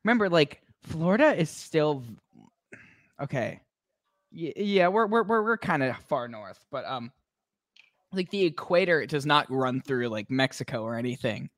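Podcast co-host, man from Minnesota, teasing and jokey, lively delivery, dry close mic. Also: fairly high pitch, moderate pace, no room sound. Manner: joking, teasing. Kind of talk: casual chat.

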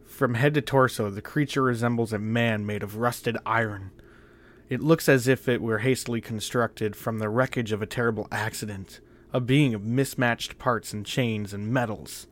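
Male storyteller, horror narration, measured, tense, quiet delivery. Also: mid-range voice, steady tone.

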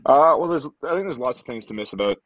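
A young man answering interview questions in a relaxed way, often repeating words. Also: mid-range voice, quick pace, dry recording. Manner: relaxed, repeats words, frequent "you know". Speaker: rugby player guest. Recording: dull dry sound, lo-fi.

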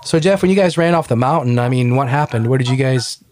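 A male host who talks fast, chiming in with sympathy and rapid follow-up questions. There is a faint hiss behind him. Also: mid-range voice, a little mellow. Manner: quick, sympathetic interjections. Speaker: podcast host. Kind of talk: interview questions.

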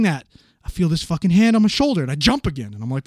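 A man casually telling a paramedic story, animated and swearing freely as he acts out the voices of the people in it. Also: on the high side, fast talker, no echo, clean studio sound.

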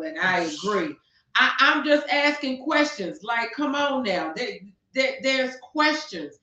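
High-pitched with big pitch swings, her pushed, bright voice stays unhurried as she co-hosts a podcast talk show. She rants with passion and fires rhetorical questions in heated opinion talk, captured in distant, echoey, dull lo-fi sound.

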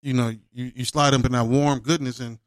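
A man's voice: mid-range voice, steady tone, fairly quick, no room sound. A man in a casual chat who talks in a laid-back, rambling way, often tacking on "man".

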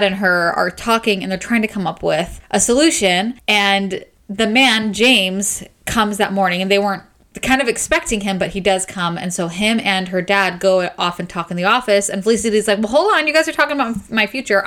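Excitable woman retelling a novel. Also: mid-range voice. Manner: excited retelling, acting out lines. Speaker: podcast co-host. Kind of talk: casual book chat.

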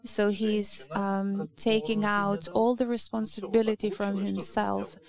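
A woman whose first language is Lithuanian, preaching a sermon in an earnest, halting way with many restarts. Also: medium pitch, level tone, gravelly, crowd noise.

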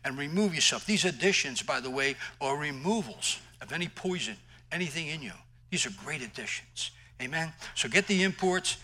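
Bright-toned, fervent male preacher. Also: fairly high pitch, animated, moderate pace, rough recording. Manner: emphatic, conversational preaching with personal stories. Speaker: pastor. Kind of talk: sermon.

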